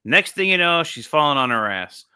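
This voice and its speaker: A man with a bright, forceful voice chats casually about comics and laughs easily, often restarting his sentences. His voice sits in a middle range. The sound is dry and close, with no room echo. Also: fairly high pitch, big pitch swings, normal speed, clear, resonant tone. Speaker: podcast co-host reviewing comics. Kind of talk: casual chat.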